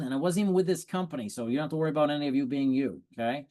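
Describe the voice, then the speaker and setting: A man giving sales coaching tips in a lively, animated way, acting out prospects' lines and laughing at his own stories. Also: medium pitch, rapid-fire, few pauses. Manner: animated, acts out prospects and quotes. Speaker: sales trainer. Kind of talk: coaching talk.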